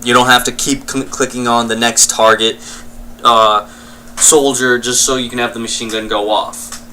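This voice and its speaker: A man's voice: mid-range voice, flat delivery, normal speed, pushed and bright, poor audio. A young man giving casual let's-play commentary, explaining as he plays and often correcting himself mid-sentence. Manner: rambling, self-correcting, explanatory. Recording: faint game noise behind.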